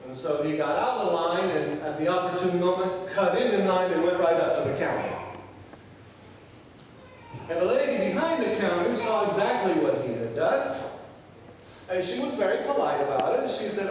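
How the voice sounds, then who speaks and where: Guy pastor telling a sermon story, kinda high voice, sounds far off in a big echoey church, faint room hum. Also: lively intonation, moderate pace. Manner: acts out quoted voices, drops to quiet for key points. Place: large church sanctuary.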